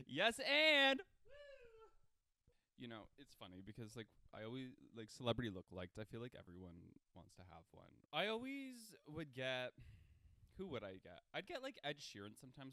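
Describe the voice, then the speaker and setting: A man's voice: lowish voice, a bit bright, dry recording. A young man from Canada hosting a casual solo podcast, rambling and self-deprecating. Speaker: podcast host.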